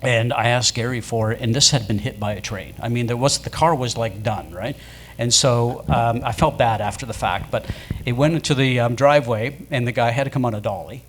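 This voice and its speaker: A man's voice: medium pitch, brisk, slight background noise. Rambling man telling stories. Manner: rambling storyteller with many fillers. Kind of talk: casual anecdotes. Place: pub with a live audience.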